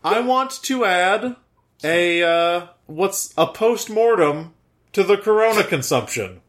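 A man with a slightly high voice talks casually as a podcast co-host. His humor is dry and deadpan, and he keeps the conversation moving along. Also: slow. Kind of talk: casual chat.

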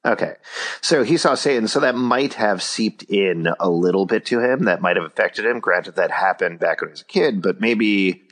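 A man's voice: on the low side, animated, moderate pace, a bit bright. A man hosting a casual podcast, recapping a TV episode with jokes and lots of "uh"s as he thinks aloud. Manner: jokey, thinks aloud with many fillers. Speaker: podcast host.

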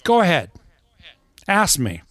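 A man, a touring drummer and podcast guest, telling animated anecdotes and acting out the voices of the people in them. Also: sits high, slow pace, no room sound. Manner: animated anecdote teller, acts out the voices in his stories. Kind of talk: casual storytelling chat.

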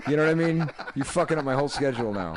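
A man's voice: mid-range voice, lively intonation, racing, noisy background. A man co-hosting a podcast, talking in a laid-back, drawling way. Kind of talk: casual chat.

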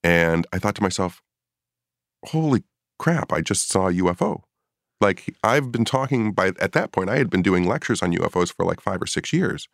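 A middle-aged man with a very low voice tells a story in a casual podcast chat. He is a paranormal investigator, and he jumps up in pitch when he acts out his own past reactions. The sound is dry and close. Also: animated, a little fast, creaky, dry recording.

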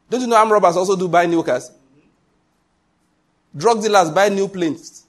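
Husky, emphatic male preacher. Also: a little high, normal speed, long pauses. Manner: emphatic preaching with repetition and rhetorical questions. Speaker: pastor. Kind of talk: sermon.

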